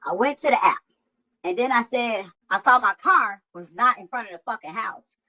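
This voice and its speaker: A woman's voice: a little high, expressive, moderate pace, bright, forceful tone, rough recording. A woman who hosts a livestream, telling a story in casual, profane, slang-heavy chat. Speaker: livestream host.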